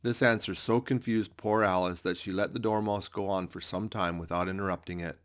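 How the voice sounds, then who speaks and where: A man with a fairly low voice reads a storybook aloud. His narration is measured and expressive, moving steadily through the scene. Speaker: audiobook narrator.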